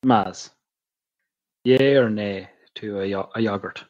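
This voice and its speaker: A man's voice: lowish voice, slow pace, darkish tone, muffled recording. A man hosting a podcast who chats casually, jokes and leads the questions. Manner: chatty, jokey, leads the questions. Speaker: podcast host. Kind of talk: casual chat.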